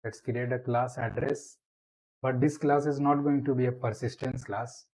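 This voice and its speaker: A man's voice: medium pitch, fairly even intonation, darkish tone, rough recording. A man explaining a programming lesson step by step as he types code in a screencast tutorial. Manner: slow, step-by-step explaining while typing.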